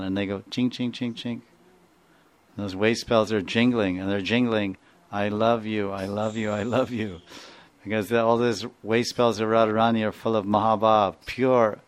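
A man with a somewhat low voice gives a devotional lecture to listeners. He wanders between points and laughs easily, and sometimes imitates sounds. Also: smooth. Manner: digressive, laughs often, sings out sounds. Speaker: spiritual teacher.

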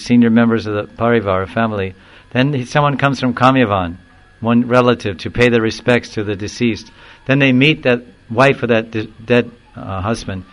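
A man delivering a spiritual talk at a mid-range pitch. He explains scripture, then slips into lively storytelling, mimicking the characters with a chuckle here and there. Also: poor audio. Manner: animated storyteller who acts out quoted voices and chuckles; recites Sanskrit verse slowly, then explains it. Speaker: spiritual teacher. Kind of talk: devotional discourse with storytelling.

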